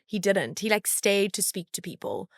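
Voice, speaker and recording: A South African woman, a guest in a casual chat, telling a story in a lively way and acting out the dialogue. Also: normal speed, no room sound, clean studio sound. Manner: lively, acts out dialogue with big pitch jumps. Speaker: guest, agency founder.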